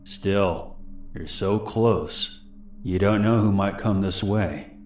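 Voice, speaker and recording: A creepy young male stranger from a narrated horror story, speaking quietly and low, with a friendliness that never reaches his words, as a male narrator puts him on. The voice sits deep and hushed. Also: slow, echoey room. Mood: falsely friendly. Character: creepy smooth-talking young man stranger.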